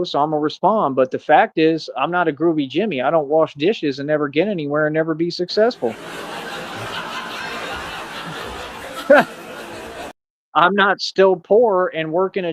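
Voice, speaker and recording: A man on a livestream, bragging loudly and mocking rivals in a loose, rambling way. His voice sits a little higher than most men's, and his speech is full of fillers. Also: slight background noise. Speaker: streamer. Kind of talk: livestream rant.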